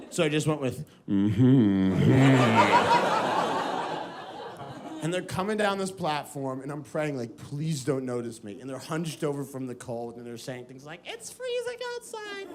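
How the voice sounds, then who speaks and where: A man's voice: on the high side, very noisy. An American man performing stand-up comedy, telling a story and acting out the voices of the people in it. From United States. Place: comedy club stage with live audience. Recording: live stage recording, loud crowd laughter.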